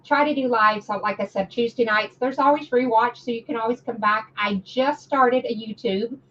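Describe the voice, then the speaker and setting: Woman guest, higher voice, chatty and halting, distant muffled video-call sound. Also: a bit bright, a little hiss or hum. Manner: chatty, halting with fillers and restarts. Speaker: guest crafter and educator. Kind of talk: casual live-stream chat.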